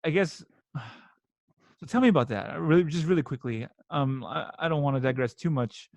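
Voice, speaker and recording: A man's voice: on the high side, expressive, moderate pace, vocal fry, a little mellow, no room sound. A man hosting a casual interview, chatty and enthusiastic, often laughing. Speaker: podcast host.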